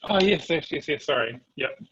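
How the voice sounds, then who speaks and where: A man's voice: a little high, lively intonation, moderate pace, fairly bright tone, a little hiss or hum. Stammering man on a dull lo-fi mic. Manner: stammering, repeating words. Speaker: player. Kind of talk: tabletop game play.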